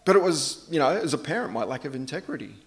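A man's voice: on the high side, sing-song, quick pace. Aussie guy preaching, chatty and self-mocking, middle-aged. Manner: conversational, anecdotal, self-deprecating. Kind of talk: sermon.

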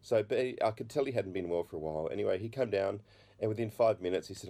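A middle-aged man sharing his personal testimony, halting with many restarts, and a slight cough. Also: fairly low pitch, mellow. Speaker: speaker giving his testimony.

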